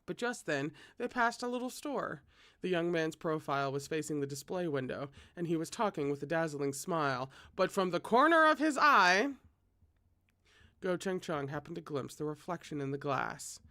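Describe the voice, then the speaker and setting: Reading a novel aloud, the host delivers it expressively and slips in chatty asides. The middle-pitched voice is close and dry, at normal speed in a dry recording.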